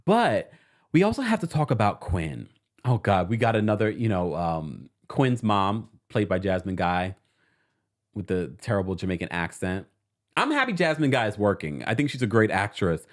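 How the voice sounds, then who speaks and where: A New York City man with a fairly low voice and moderate pace hosts a casual reality TV recap stream. He's animated and chatty, laughs often, and reads out viewer comments.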